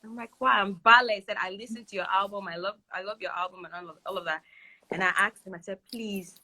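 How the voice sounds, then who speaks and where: A woman singer being interviewed, telling stories in a casual, animated way with bursts of high laughter. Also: quick pace.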